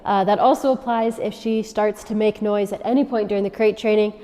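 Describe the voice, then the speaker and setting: A woman dog trainer giving instructions to dog owners, often checking in with a quick "okay?". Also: medium pitch, steady tone, warm tone, slight background noise. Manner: coaching, checks in with frequent "okay?". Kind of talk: instructional demonstration. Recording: long reverb.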